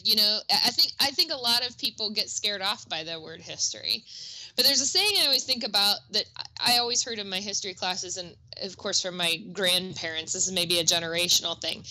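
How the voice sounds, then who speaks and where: Bright, chatty woman podcast host. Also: medium pitch, poor audio. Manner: chatty, upbeat, self-deprecating asides. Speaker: podcast co-host, music teacher. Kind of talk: casual educational podcast chat.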